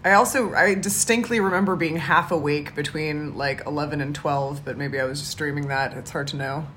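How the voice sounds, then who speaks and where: A woman co-hosting a casual chat podcast with a lowish voice. She rambles, restarts her sentences and breaks into laughter, with faint noise in the background. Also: steady tone, fairly quick, fairly bright tone. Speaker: podcast co-host.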